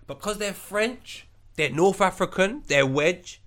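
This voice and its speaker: A man's voice: sits high, expressive, takes it slowly, a bit bright. A man, co-hosting a podcast and telling stories in street slang. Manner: laid-back storytelling in street slang. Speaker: podcast co-host. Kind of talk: casual chat.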